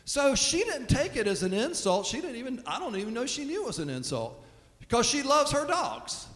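A man preaching a sermon in a relaxed, storytelling way, often restarting his sentences, recorded in a church sanctuary. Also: very high voice, a little fast. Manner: conversational storytelling, with frequent restarts. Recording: echoey hall with long reverb.

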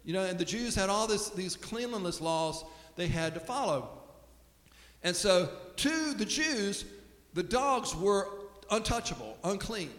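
A man preaching a sermon in a relaxed, storytelling way, often restarting his sentences, recorded in a church sanctuary. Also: high-pitched, a little slow. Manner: conversational storytelling, with frequent restarts. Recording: echoey hall with long reverb.

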